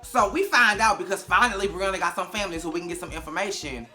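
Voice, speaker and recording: A sassy TV recap host runs through an episode in casual, profane commentary, acting out what the characters said. The voice is bright and sharp-edged. A little music plays faintly underneath. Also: mid-range voice, quick pace.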